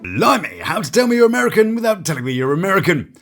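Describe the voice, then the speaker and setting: A British man with a husky, slightly raised voice that swoops up and down, cracking sarcastic jokes through a scripted reality TV review. He talks in a mock-theatrical way, and faint music plays under his voice. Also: sits high, wildly swooping pitch, fast talker, fairly bright tone. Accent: British English. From Britain. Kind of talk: comedic scripted commentary.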